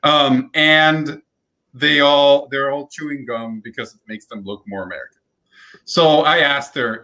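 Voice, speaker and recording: Bright-voiced animated male co-host. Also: medium pitch, a little slow. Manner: animated, laughs often, repeats phrases. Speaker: podcast co-host. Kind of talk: casual chat.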